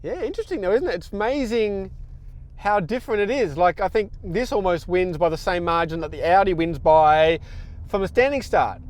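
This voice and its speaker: Playful high-voiced man. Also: moderate pace. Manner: playful and hopeful, easily excited. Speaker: co-host and driver. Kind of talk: casual commentary. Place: inside a car on a test track.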